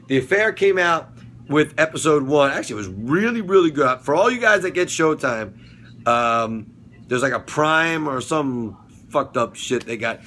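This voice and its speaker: A man's voice: medium pitch, bright, forceful tone. A man hosting a casual solo vlog about football and TV, rambling with lots of fillers and restarts, swearing casually now and then. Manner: swears casually, laughs at his own jokes. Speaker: sports and TV review vlogger.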